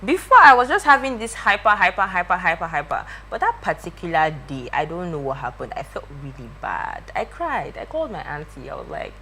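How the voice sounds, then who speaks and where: A young woman, a guest telling a story in a lively way and acting out the voices of the people in it. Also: fairly low pitch, brisk, few pauses, a little hiss or hum. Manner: lively, acts out quoted voices. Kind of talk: animated storytelling.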